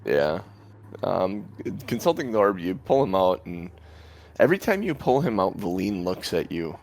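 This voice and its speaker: A man's voice: sits low, very animated, moderate pace, darkish tone, a little hiss or hum. A man narrating as dungeon master, hesitant and full of ums. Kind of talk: narrating a tabletop game.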